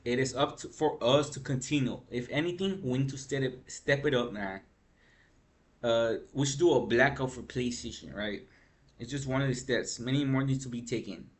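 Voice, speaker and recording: Rambling, profane young man ranting about gaming. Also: mid-range voice. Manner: rambling, profane, frustrated, with slang like "bro" and "man". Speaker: gaming news commentator. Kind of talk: casual gaming news rant.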